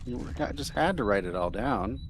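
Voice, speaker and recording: A man's voice: medium pitch, lively intonation, fairly quick, vocal fry, slight background noise. A man casually chatting and joking while playing a video game. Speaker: let's play host. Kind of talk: casual gameplay chat.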